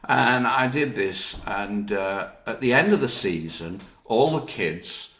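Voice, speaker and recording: A man's voice: lowish voice, slow pace. An older man with a Northern English accent, an actor telling anecdotes in an interview, laughing often and acting out what others said. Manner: lively, laughs often, quotes others in their voices. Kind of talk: anecdotal storytelling. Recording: roomy echo.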